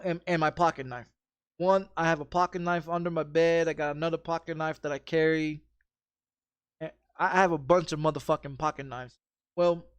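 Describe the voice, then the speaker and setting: A man's voice: on the high side, clear, resonant tone, dry recording. A streamer telling a story in casual chat, blunt and heavy on profanity, often repeating his phrases.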